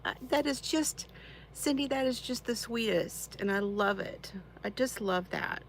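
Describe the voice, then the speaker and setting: A woman's voice: fairly high pitch, expressive, unhurried, vocal fry, a little hiss or hum, poor audio. A woman, hosting a casual crafting live stream from her chair at home, greeting viewers by name and laughing often. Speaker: crafting channel host.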